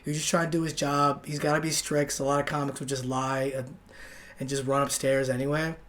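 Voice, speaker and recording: A man's voice: mid-range voice, level tone, a little fast, fairly bright tone. A young man from Texas hosting a solo podcast, telling a rambling story with many restarts and casual swearing. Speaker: podcast host.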